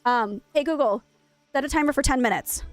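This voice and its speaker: A woman's voice: sits high, brisk, no echo, faint music behind. A young woman streamer chatting casually while gaming, telling a rambling, self-mocking story.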